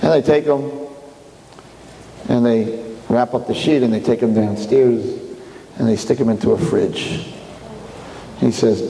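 A man telling a story live to an audience in a room, animated and repeating phrases for emphasis. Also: medium pitch, a little slow, pauses often, echoey room, big-room sound, slight background noise, rough recording.

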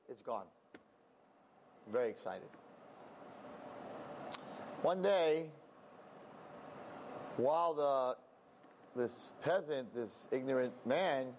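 Animated male preacher telling a story. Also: fairly high pitch, slight background noise. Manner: animated, acting out characters' voices. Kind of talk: sermon storytelling.

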